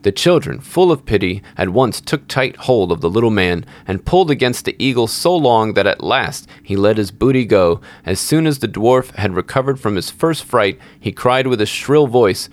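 A man reading a fairy tale aloud as the show's storyteller, steady and measured. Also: fairly low pitch.

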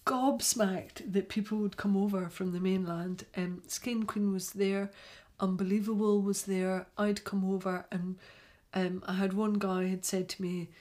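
A woman from Scotland, a yarn vendor and podcaster, chatting casually and telling stories in a lively way. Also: medium pitch, normal speed, few pauses. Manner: chatty, animated storytelling. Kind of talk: casual chat.

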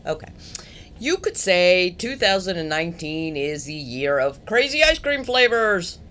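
A woman co-hosting a casual podcast, animated and playful, often laughing as she presents clips. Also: lowish voice, unhurried.

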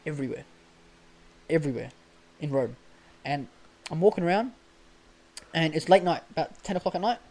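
A young Australian man telling a travel story in a casual podcast chat, animated and slangy, often breaking into laughter. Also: a little high, a little fast, long pauses, low-quality recording. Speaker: podcast guest.

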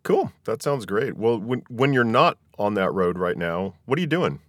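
Man, podcast host, very low voice, relaxed, encouraging, dry studio sound. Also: normal speed, dry recording. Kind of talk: casual interview chat.

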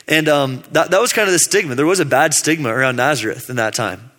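Relaxed, slangy male preacher with a bright tone, acting out the quotes, heard in a reverberant hall. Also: fairly high pitch, quick pace, hardly any pauses. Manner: laid-back, slangy, acts out quotes. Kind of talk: casual youth sermon.

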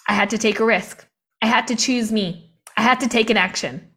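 A woman's voice: a little high, fairly quick, pushed and bright, husky. A young woman in live online training mode, impassioned and confiding, talking into a video call mic and laughing often between points. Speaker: motivational coach.

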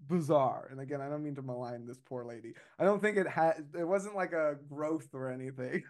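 A man with a slightly high voice chats casually on a podcast. He tells his story in a loose, rambling way, stopping and restarting often and padding it with "um" and "like.". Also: brisk.

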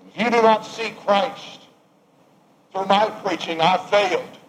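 A man preaching a sermon, swinging from raised emphatic lines to hushed, quiet ones. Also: sits high, a little slow, poor audio.

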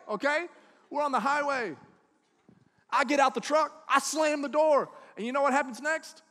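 Animated high-voiced preacher in a hall. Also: male voice, normal speed. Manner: animated, swings from hushed to loud, acts out quotes. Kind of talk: sermon with storytelling. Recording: long hall reverb.

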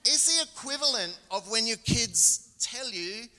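A middle-aged man with an Australian accent preaching a sermon, telling a Bible story with lively acted-out quotes. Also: very high voice, measured pace. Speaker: guest preacher. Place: church. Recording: church hall reverb.

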